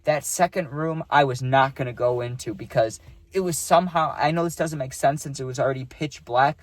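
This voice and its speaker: A young man in the middle of a story, chatting in a loose, slangy way and tossing in "dude" and "right?" all the time. His voice sits at an ordinary male pitch. The recording is dry and close, with no room sound around it. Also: brisk, dry recording. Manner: laid-back, slangy, keeps adding "dude" and "right?". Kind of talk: casual storytime chat.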